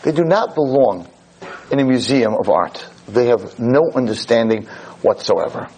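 A man voicing a proper French museum guide who speaks slowly and formally. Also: mid-range voice, animated, darkish tone, husky, poor audio. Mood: stern. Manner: slow, formal, drawn-out.

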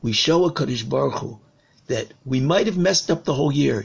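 A man, a rabbi, giving a sermon and telling a parable with animated storytelling. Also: medium pitch, a little fast, gravelly, husky.

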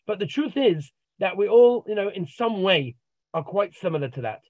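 A man's voice: high voice, expressive, moderate pace, a little mellow, no room sound. A man working as a life coach, telling motivational stories and acting out the dialogue in them, recorded over a video call. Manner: tells stories and acts out the dialogue. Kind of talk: motivational storytelling. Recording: dull, dry video-call audio.

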